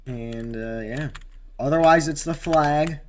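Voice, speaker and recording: A man's voice: fairly high pitch, slow, slight background noise. Rambling man commenting on a racing game. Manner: rambling, excitable at near-crashes. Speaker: gamer doing race commentary.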